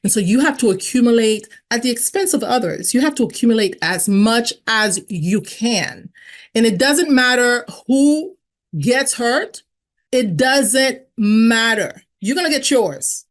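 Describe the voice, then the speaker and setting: A woman in her fifties, a guest telling her own recovery story, speaking frankly and casually, with lively jumps in pitch when she acts out what people said. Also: a little slow. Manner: animated, jumps in pitch when acting out quotes; frank and conversational, with many fillers. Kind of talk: candid personal storytelling.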